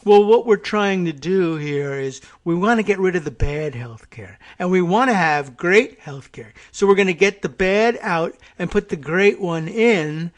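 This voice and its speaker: A man's voice: high-pitched, expressive, a little slow, few pauses. A man putting on a blustering politician who rambles in simple, repetitive boasts. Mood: boastful.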